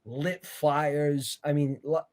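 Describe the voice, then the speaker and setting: A man sits for an interview and walks through his points in an earnest, preacherly tone. His voice sits a touch higher than most men's. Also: flat delivery, drawn-out words, a little mellow. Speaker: interview guest, author. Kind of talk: conversational interview.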